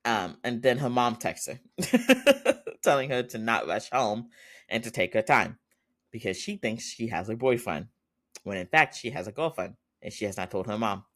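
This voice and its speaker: A man's voice: lowish voice, animated, normal speed, a bit bright. A man hosting a podcast, chatting casually through an episode recap with lots of fillers and frequent laughs. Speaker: podcast host.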